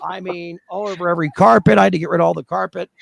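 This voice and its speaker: A man's voice: sits high, steady tone, racing, creaky, a crowd in the background. A man chatting casually on a live stream, telling rambling, profane stories and laughing at himself. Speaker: livestream regular.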